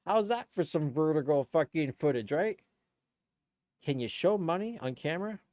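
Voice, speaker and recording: A man's voice: on the high side, lively intonation, normal speed, a little mellow, dry recording, clean studio sound. A man, a DJ chatting on his live stream in a blunt, rambling, profane way. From Canada. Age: 50s. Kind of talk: casual live-stream chat.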